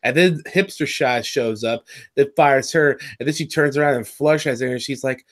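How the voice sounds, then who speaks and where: A man's voice: mid-range voice, normal speed. A man co-hosting a casual episode review, rambling and correcting himself as he recaps and jokes. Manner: rambling, self-correcting, jokey. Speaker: podcast co-host.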